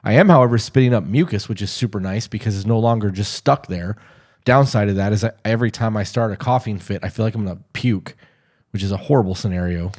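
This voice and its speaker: A man's voice: on the low side, fast talker, darkish tone. A young man co-hosting a podcast in casual chat, sounding congested, loose and joking, swearing freely. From Tennessee. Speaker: podcast co-host.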